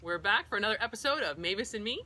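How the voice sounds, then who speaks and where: Bright-voiced woman explaining dog training. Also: medium pitch, animated, very fast. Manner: explanatory, practical, personal asides. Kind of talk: instructional vlog.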